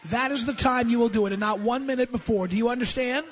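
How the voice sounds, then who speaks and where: A man's voice: extremely high pitch, fast talker, a little hiss or hum. A man hosting a call-in radio show from a studio, lecturing a caller in a sarcastic, domineering way. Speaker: radio talk show host. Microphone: studio microphone.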